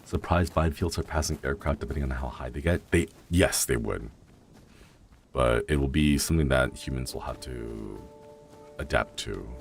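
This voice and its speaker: A man streaming a game from home and chatting casually. He is sleepy and yawning, and he muses dreamily with soft exclamations of delight. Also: very deep voice, normal speed, gravelly, faint music behind. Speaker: livestreamer. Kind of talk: casual gameplay commentary.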